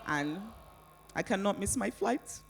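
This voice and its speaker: A woman, an author, answering audience questions on stage in an animated way, often laughing and restarting her sentences. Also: medium pitch, a little slow, gravelly. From Nigeria. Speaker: author guest at a book festival. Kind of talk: onstage conversation and audience Q&A.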